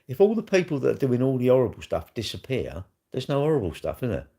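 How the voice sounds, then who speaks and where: A man's voice: medium pitch, huge pitch swings, fast, mellow. A middle-aged man, rambling bluntly and crudely in a casual livestream chat, tossing in tag questions as he answers comments. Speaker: livestream host.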